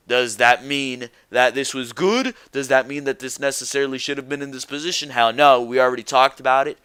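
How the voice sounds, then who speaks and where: Young guy ranting about wrestling, swears a lot, smooth clear voice, dry sound. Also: mid-range voice, brisk, hardly any pauses, fairly bright tone, no room sound. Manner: ranting, blunt, swears freely. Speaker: wrestling show reviewer. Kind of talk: opinionated solo review.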